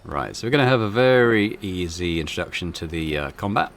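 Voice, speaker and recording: A man casually commentating a video game, relaxed and self-deprecating. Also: deep voice, fairly quick, a little hiss or hum. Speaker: gaming channel host. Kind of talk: casual let's-play commentary.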